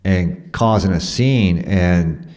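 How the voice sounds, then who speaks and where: Guy with a really deep low voice rambling through a story, swears a lot, lots of ums and "you know"s. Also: slow pace, a little mellow. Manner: rambling, profane, conversational, with many fillers.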